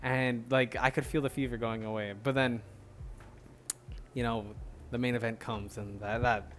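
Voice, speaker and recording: A man's voice: medium pitch, flat delivery, normal speed, a little hiss or hum. A man hosting a solo podcast, chatting casually in a rambling way with lots of fillers. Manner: rambling, many fillers and restarts, laughs often. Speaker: podcast host.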